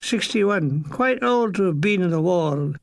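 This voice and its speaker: Older male narrator, slow and gravelly, dry deadpan delivery of a comic memoir. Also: high-pitched. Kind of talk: reading a comic memoir aloud.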